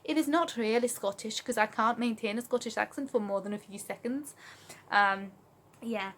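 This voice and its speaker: A woman's voice: a little high, moderate pace, fairly bright tone. A young English woman from Oxfordshire, rambling through a casual Q&A vlog with lots of ums, recorded on a phone. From Oxfordshire, England. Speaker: vlogger.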